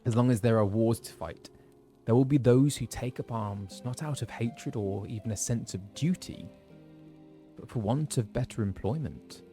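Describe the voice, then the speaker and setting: An actor playing a male mercenary captain, reading game dialogue aloud in a measured, formal delivery. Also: mid-range voice, dark tone, faint music behind, close to an everyday voice. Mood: pragmatic.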